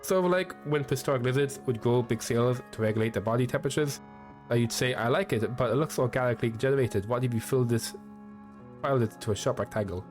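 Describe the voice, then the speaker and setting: A man's voice: medium pitch, fast talker, a little mellow, soft background music, natural voice. A man voicing a playful, odd young male scholar from a video game, telling rambling whimsical stories.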